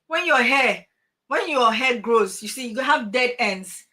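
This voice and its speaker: A woman's voice: fairly high pitch, a little slow. Emphatic woman coach. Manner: animated, emphatic, rhetorical questions. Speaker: transformational coach. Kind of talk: motivational talk to parents.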